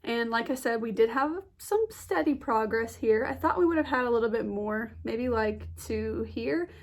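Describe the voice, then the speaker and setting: A woman's voice: on the high side, normal speed. A young woman chatting casually about beauty products she has used up, her voice nasal and stuffy from a blocked nose, with lots of "like" fillers. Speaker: beauty vlogger.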